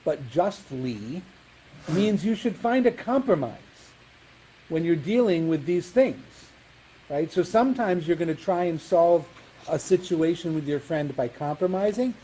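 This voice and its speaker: A rabbi leads a Talmud class, explaining each text step by step and checking that his students follow along. His voice is mellow and sits a little high for a man, and he mixes Hebrew and Aramaic terms into his plain talk. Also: lively intonation, measured pace, a little hiss or hum.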